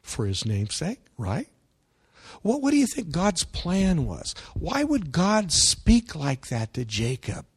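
A man preaching a sermon, his voice sitting a little high and moving with lively swings of pitch. He builds to loud, emphatic peaks and keeps asking his congregation questions. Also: slow pace, husky. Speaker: pastor.

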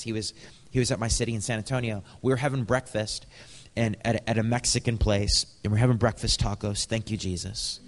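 A man from Canada preaching a sermon, telling stories with lively, animated quoted dialogue. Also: mid-range voice, big-room sound.

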